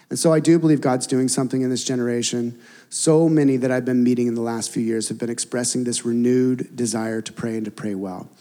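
A man preaching a sermon as a pastor, earnest and conversational, sometimes dropping to a soft, intimate tone. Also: medium pitch, fairly even intonation, fairly quick, big-room sound.

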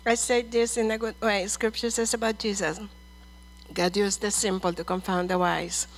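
A middle-aged woman ministering prophetic words over people in church, earnest and measured, calling them dear and brother. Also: mid-range voice, flat delivery, poor audio.

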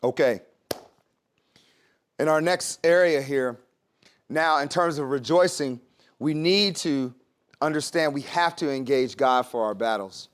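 A man's voice: on the high side, a little slow, long pauses. Conversational man preaching a sermon. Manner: conversational preaching with laughs and asides. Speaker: pastor.

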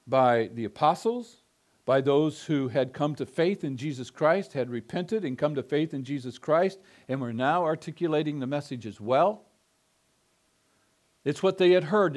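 A middle-aged male pastor preaching an expository sermon, emphatic and given to repeating phrases with building intensity. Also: fairly high pitch.

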